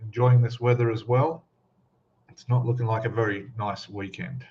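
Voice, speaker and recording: A man's voice: mid-range voice, steady tone, moderate pace. A man hosting a casual live stream, chatting and greeting viewers one by one by name. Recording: slightly dull lo-fi sound.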